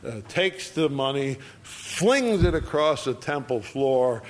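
Slow, emphatic preacher man. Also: mid-range voice, animated. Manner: slow, emphatic, acts out quoted voices. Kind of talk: sermon.

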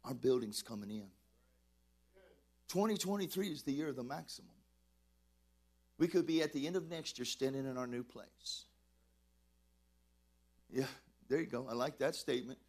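A man preaching a sermon as pastor, emphatic and excitable, stumbling over restarts as he gets worked up. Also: medium pitch, normal speed, long pauses.

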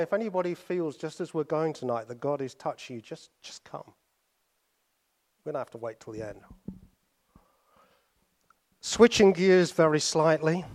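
A British man preaching a sermon, telling stories with pauses and sudden drops to soft asides. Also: a little high. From Britain.

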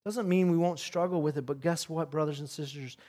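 A man preaching a sermon, telling a story with animation and swinging between loud and soft passages. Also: a little high, brisk. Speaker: pastor.

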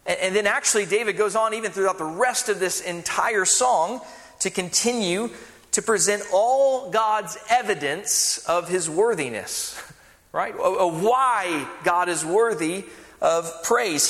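A man's voice: high voice, unhurried, fairly bright tone. Man preaching a sermon in an echoing hall. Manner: earnest preaching with fillers and restarts. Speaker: pastor. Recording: long hall reverb.

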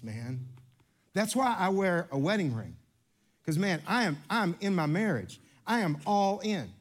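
A man pastor preaching a lively, interactive sermon and playing with his congregation in a church. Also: high-pitched. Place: church sanctuary.

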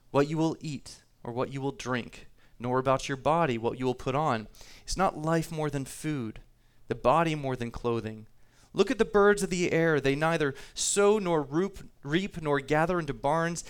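A man's voice: on the high side, smooth. A man preaching a sermon to his congregation, talking easily, reading scripture aloud and repeating himself now and then. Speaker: pastor.

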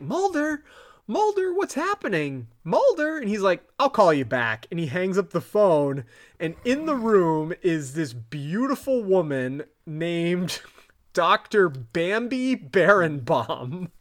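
A podcast co-host in a casual chat, recapping a TV episode, laughing often and quoting the characters' lines. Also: medium pitch. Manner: giggly, retells scenes by quoting characters.

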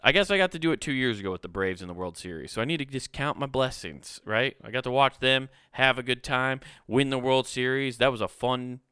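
A man's voice: medium pitch, a little fast, few pauses, bright, forceful tone, smooth, no room sound, studio quality. A man in his thirties hosting a solo podcast, rambling and profane, mocking himself and laughing often. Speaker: podcast host. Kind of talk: casual solo podcast rant.

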